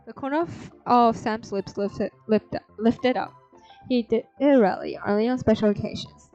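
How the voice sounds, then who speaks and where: A woman's voice: a little high, normal speed, creaky, a little mellow. A young woman streamer reading a story game's text aloud, breaking in with blunt, swearing asides. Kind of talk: reading a visual novel aloud with commentary. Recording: slightly dull stream audio with faint music.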